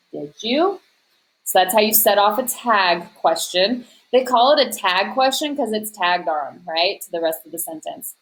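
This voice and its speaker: A woman teacher talking her students through a worksheet, patient and methodical. She explains each step plainly and speaks right to the class in a friendly, direct way. Her pitch sits in an ordinary middle range. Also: low-quality recording. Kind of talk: recorded class lesson.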